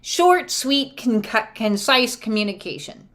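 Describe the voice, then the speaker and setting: A woman's voice: on the high side, animated, slow, a bit bright. A woman giving a live spiritual card reading to viewers, casual and emphatic, swearing freely. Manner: acts out quoted voices. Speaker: oracle and tarot card reader.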